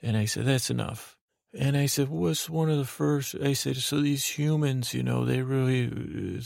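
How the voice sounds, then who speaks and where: A man hosting a podcast, telling a rambling improvised sleep story in a halting, low-key way full of fillers and restarts. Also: creaky, darkish tone, no room sound, clean studio sound. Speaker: podcast host.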